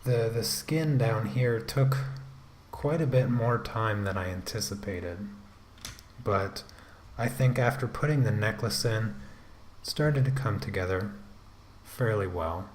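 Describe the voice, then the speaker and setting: Male artist-host, unhurried, lowish voice, rambling livestream commentary from his home drawing desk, with a faint hum behind him. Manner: relaxed, rambling, talks to himself while working; self-deprecating asides with frequent restarts. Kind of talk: casual running commentary while drawing on a livestream.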